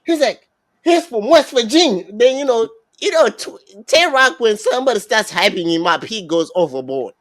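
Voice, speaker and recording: Excitable man retelling a story, dry sound. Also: normal speed, few pauses, no room sound. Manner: acts out quoted people with sudden jumps in pitch, many "you know" fillers. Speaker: podcast host recapping a battle rap event. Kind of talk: casual storytelling recap.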